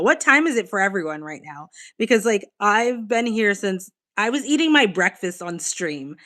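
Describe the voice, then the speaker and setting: A woman's voice: medium pitch, bright, forceful tone. A woman from Boston hosting a casual livestream, chatting candidly and reacting to viewers' comments as she reads them aloud. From Boston, United States. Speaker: livestream host.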